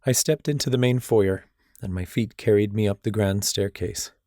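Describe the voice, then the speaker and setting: A man's voice: on the low side, moderate pace, dark tone, no room sound, clean studio sound. A young man narrating a first-person audiobook in a brooding, intense way.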